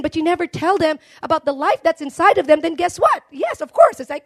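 Woman preacher, high voice, emphatic sermon, asks the crowd for amens. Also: animated, a little fast, hardly any pauses. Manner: emphatic, calls for congregation responses.

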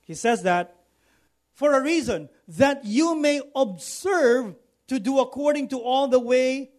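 With a very high, darkish voice and lively intonation, a male pastor preaches at a measured pace. He repeats phrases with mounting emphasis and prompts the congregation to respond.

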